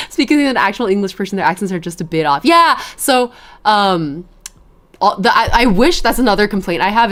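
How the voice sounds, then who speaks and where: A woman streaming and chatting casually with her viewers, animated, swearing freely and laughing often. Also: fairly low pitch. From grew up with Chinese and Japanese media.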